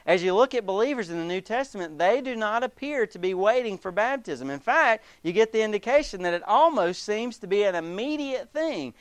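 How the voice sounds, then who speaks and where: A man preaching a sermon as pastor, emphatic and animated, acting out the voices of the people he quotes. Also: high-pitched, moderate pace, smooth, no room sound.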